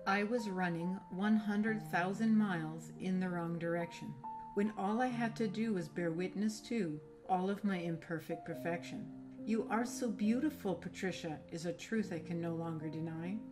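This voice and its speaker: A woman with a fairly low voice reads her own poem in an earnest, measured spoken word recitation. She lends the quoted lines extra emphasis. Guitar music plays clearly beneath her voice. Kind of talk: spoken word poetry reading. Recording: voice over loud guitar music.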